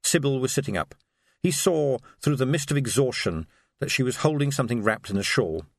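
A man narrating an audiobook with a lively, expressive reading. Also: mid-range voice, a little fast, creaky, dry recording, studio quality.

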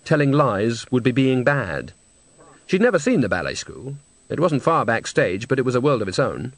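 A man reading a novel aloud with measured, wry storytelling. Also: mid-range voice, sing-song, no room sound. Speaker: audiobook narrator. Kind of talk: scripted narration. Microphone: close studio mic.

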